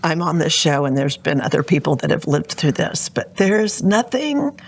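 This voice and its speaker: A middle-aged woman speaks as a guest on an interview show, her voice sitting a little low. She tells a personal story in an earnest, vivid way. She often turns to address the host. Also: very animated, normal speed, vocal fry. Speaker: guest entrepreneur. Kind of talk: emotional storytelling.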